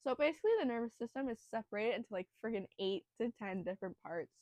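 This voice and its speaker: A woman's voice: a little high, lively intonation, fast talker, darkish tone, no echo. A young woman hosting a casual educational podcast, nervous and breathing heavily, rambling through the material with lots of fillers and self-deprecating asides. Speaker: student host explaining biology.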